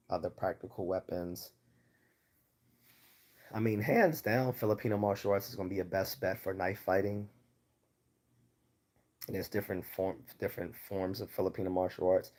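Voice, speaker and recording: A man's voice: low voice, steady tone, moderate pace, long pauses, a little mellow. A man with a Baltimore accent hosting a livestream Q&A, answering viewer questions in a rambling, casual way with many fillers and restarts. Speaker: livestream host.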